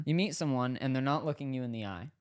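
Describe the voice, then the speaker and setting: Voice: mid-range voice, lively intonation, a little fast. A host in casual chat, asking playful hypothetical questions and laughing often.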